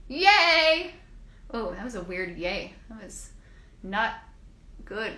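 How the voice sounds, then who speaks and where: A woman's voice: medium pitch, steady tone, takes it slowly, fairly bright tone, reverberant, slight background noise. A Canadian woman hosting a live-stream chat from her home studio, rambling casually and joking at her own expense. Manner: chatty, self-mocking rambling. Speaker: host.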